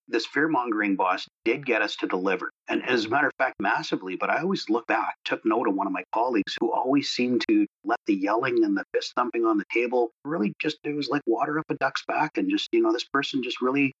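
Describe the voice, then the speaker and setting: A man co-hosting a casual podcast discussion, talking in a relaxed conversational way. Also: medium pitch, breathy edge, highs cut off. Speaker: co-host.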